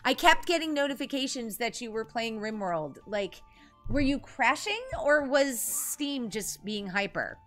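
Bright, animated woman game streamer. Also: on the high side, unhurried, faint music behind. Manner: animated, jumpy, greets chat by name. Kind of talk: casual live-stream chat.

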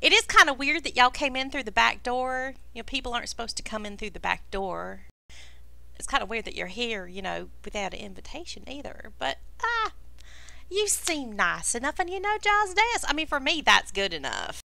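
A woman's voice: on the high side, sing-song, normal speed, creaky, bright, forceful tone, dry recording, full character voice. A woman voicing a fussy, genteel lizardfolk host who talks in old-fashioned turns of phrase.

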